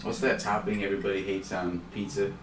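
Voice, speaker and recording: A man's voice: low voice, level tone, quick pace. A man acting as game master in a casual, joking tabletop game chat. He laughs often. He is recorded at a distance in an echoey, noisy room.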